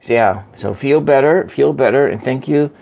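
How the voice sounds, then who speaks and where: A man hosting a casual livestream from home, chatting slowly and rambling as he answers viewer comments. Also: mid-range voice, gravelly, a little mellow. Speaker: livestream host. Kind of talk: casual live-stream chat with viewers. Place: at home by a window.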